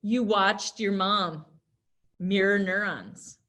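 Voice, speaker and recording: Give me a lively American woman teacher talking to teenagers, playful and chatty. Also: mid-range voice, slow pace. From United States. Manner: lively, chatty, acts out little scenes. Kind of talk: classroom lesson talk.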